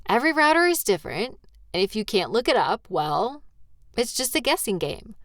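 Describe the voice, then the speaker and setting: A woman's voice: fairly high pitch, big pitch swings, moderate pace, fairly bright tone, dry recording, studio quality. A woman in a comfort role-play who is tired and yawning, talking sleepily and reassuringly to a partner. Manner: sleepy, reassuring, playful teasing. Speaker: audio role-play performer.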